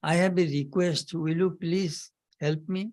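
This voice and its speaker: A kindly male holy man speaks in a fairly high, soft voice, as a speaker quotes him. He asks for a favor politely and pleads gently, never raising his voice. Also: fairly even intonation, normal speed, lightly acted. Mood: gentle.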